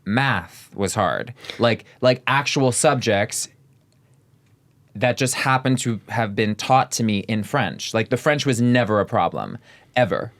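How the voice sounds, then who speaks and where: A man as a podcast guest in casual chat, animated and emphatic, with "like" in nearly every phrase. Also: medium pitch, measured pace. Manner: chatty storytelling, fills nearly every phrase with "like".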